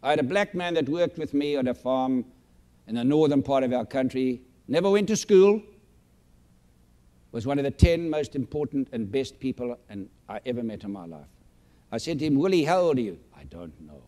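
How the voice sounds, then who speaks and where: An older man in his late seventies speaks to an audience in a large room. He is boastful and emphatic, with a sentimental streak. His voice sits at an ordinary middle pitch for a man. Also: normal speed, warm tone. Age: 70s. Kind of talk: motivational speech.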